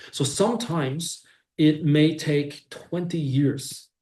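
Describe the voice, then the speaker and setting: A man teaching a class, acting out little scenes in an animated way. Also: fairly high pitch, slow. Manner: animated, acts out scenes with shifts of voice. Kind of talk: lively class lecture with acted voices. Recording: echoey room.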